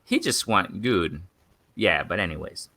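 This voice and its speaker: A young man talks boxing on a live stream, circling back and repeating himself while calling out to his viewers. His voice sits a little low but has a forceful, bright edge. The sound is dry and close, with no room around it. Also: animated, unhurried, creaky, no echo. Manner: rambling, repetitive, addresses viewers as guys. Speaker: boxing channel host. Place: in Mexico.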